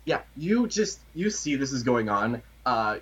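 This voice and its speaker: A man running a tabletop role-playing game as game master, talking casually with many pauses and fillers. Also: medium pitch, sing-song, breathy edge, highs cut off.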